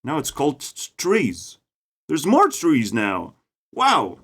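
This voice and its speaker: A man's voice: wildly swooping pitch, slow. Ranting man with a Lithuanian accent. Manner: profane, mocking, swings between loud outbursts and low mutters. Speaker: vlogger. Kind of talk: ranting monologue. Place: outdoors in a forest.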